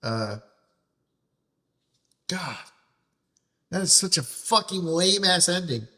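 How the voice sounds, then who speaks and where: High, bright-voiced man ranting angrily. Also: lively intonation, slow pace. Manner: ranting, frustrated, heavy swearing; repeats and restarts phrases while venting. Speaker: streamer. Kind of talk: live gameplay commentary.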